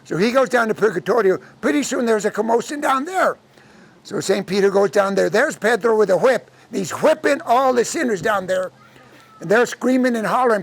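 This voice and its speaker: A man telling a traditional folk tale to a live audience, acting out the characters' lines in an animated way. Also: sits high, normal speed, vocal fry. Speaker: storyteller. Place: lecture audience setting.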